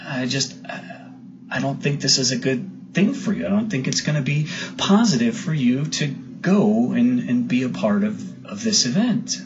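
A preacher voicing a gentle but firm mother who speaks softly and lower to her son. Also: big pitch swings, unhurried. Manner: soft, lower and quieter than narration. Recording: dull lo-fi recording.

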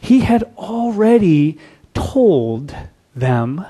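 A man's voice: a little high, animated, slow pace, pauses often, darkish tone. A man preaching a sermon as pastor, throwing rhetorical questions at the congregation.

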